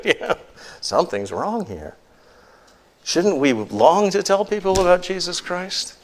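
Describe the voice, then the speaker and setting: A man's voice: high voice, big pitch swings, measured pace. A male pastor preaching a sermon in an earnest, emphatic way, full of rhetorical questions.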